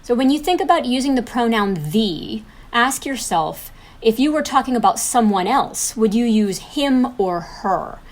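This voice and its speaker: A woman's voice: on the high side, animated, a little slow. A woman co-hosting an instructional video, explaining grammar in an upbeat, encouraging teacher manner. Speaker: co-host and instructor.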